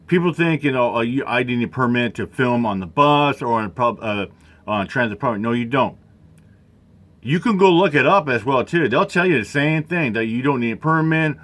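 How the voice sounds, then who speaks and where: A man giving rambling casual commentary over a video, halting often with fillers and restarts. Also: mid-range voice, expressive, a bit bright.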